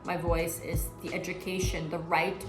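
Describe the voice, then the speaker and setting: A woman's voice: lowish voice, little pitch movement, normal speed. A young woman giving a personal year-recap monologue, candid, outspoken and emotional. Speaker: vlogger. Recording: echoey room with music underneath.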